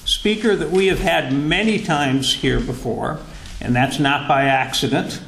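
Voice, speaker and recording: A man leading a church service, giving a measured, formal introduction of the speaker. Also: fairly high pitch, gravelly, a bit bright, a little hiss or hum. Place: church hall. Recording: echoey church hall.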